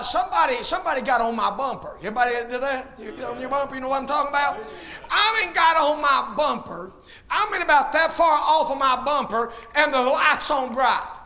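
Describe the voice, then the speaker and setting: A man preaching a fiery sermon as pastor, shouting much of it and mixing in folksy humor. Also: very high-pitched.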